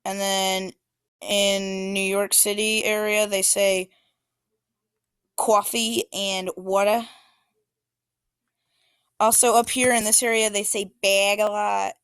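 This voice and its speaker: A woman's voice: mid-range voice, level tone, unhurried, a bit bright, clean tone, no echo. Casual hesitant woman presenting maps. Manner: informal, hesitant, many fillers. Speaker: student presenter.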